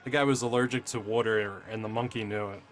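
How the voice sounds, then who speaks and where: A man's voice: on the low side, steady tone, fast. A man bantering casually with friends during a movie, dropping dry, offhand quips. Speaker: co-host riffing on a movie.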